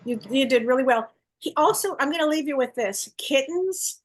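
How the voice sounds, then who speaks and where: Woman medium, a bit high-pitched, warm and coaxing, relays messages on a video call. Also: expressive, normal speed. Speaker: psychic medium. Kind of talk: live online gallery reading.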